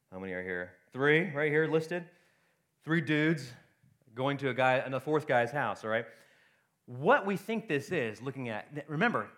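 This sermon comes from a man whose medium-pitched voice sounds fairly bright. As pastor, he keeps the tone conversational and regularly turns to his congregation with a "right?"

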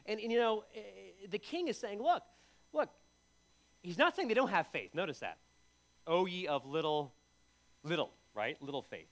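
Lively, conversational male preacher. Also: high voice, moderate pace, long pauses. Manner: conversational, repeats words, lively delivery. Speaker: pastor. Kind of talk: sermon.

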